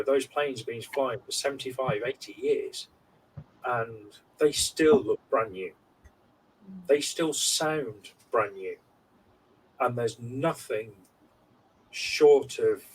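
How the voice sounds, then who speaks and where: A man in his forties on a podcast, telling stories in a rambling, heartfelt way with many fillers. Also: on the low side. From United Kingdom. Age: 40s. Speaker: podcast co-host. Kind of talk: casual chat. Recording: slightly distant mic with faint background noise.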